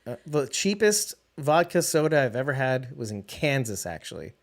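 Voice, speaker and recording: A man co-hosting a casual podcast chat about a TV show, animated and laughing often. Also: mid-range voice, moderate pace. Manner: laughing, animated, does playful voices. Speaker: podcast co-host.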